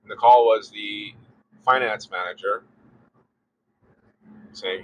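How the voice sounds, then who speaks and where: A man telling a story in a relaxed, rambling way, retelling conversations with lots of fillers. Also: fairly low pitch, slow pace, lo-fi sound, a little hiss or hum. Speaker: car vlogger. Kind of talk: casual storytelling.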